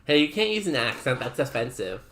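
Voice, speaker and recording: A man's voice: medium pitch, big pitch swings, fairly quick, fairly bright tone, a little hiss or hum. Chatty male streamer reading chat. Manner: chatty, rambling, reads chat aloud. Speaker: game streamer. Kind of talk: casual live-stream chat.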